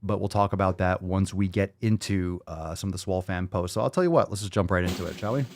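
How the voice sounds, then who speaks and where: A man's voice: low voice, fast talker, heavy background noise. A man hosting a podcast, talking casually with lots of swearing, jokes and repeated phrases. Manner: profane, jokey, repeats phrases. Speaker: podcast host.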